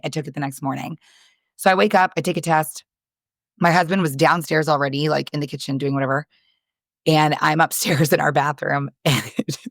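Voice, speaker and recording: A woman's voice: low voice, no echo, studio quality. A woman in her thirties, a podcast co-host, telling a story in casual chat, candid and swearing freely as she acts out dialogue. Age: 30s.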